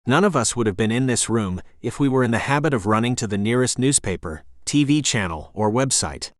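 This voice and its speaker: A man's voice: medium pitch, animated, fairly quick, no echo, clean studio sound, natural voice. A man voicing a terse former special-forces soldier, answering in clipped, respectful replies. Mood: calm. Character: calm, terse male ex-special-forces candidate.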